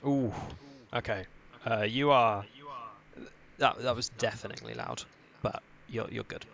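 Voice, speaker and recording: A man's voice: mid-range voice, unhurried, vocal fry, a bit bright. A young man narrating as game master of a tabletop game, describing scenes hesitantly with many restarts.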